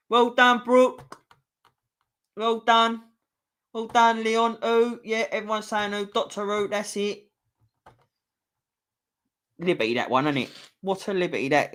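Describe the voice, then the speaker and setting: Swearing London man, high-pitched voice. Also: a bit bright. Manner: swears freely, teasing, chatty. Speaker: host reading a quiz to a live chat. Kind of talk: casual live-stream quiz banter.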